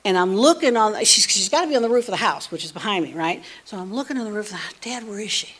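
A woman casually telling a personal story, animated, dropping to hushed asides and rising to loud emphasis. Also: mid-range voice, very fast. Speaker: storyteller sharing a personal testimony.

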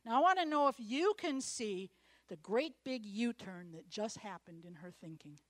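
A middle-aged woman preaching a sermon in an animated way, acting out Bible characters and dropping at times to a hushed whisper. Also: mid-range voice, normal speed, no echo.

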